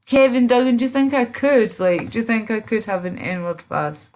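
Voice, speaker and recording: A woman's voice: on the high side, normal speed, a little mellow. A woman livestreaming in casual chat, drowsy and rambling, with many fillers and trailing off. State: drowsy, slurred.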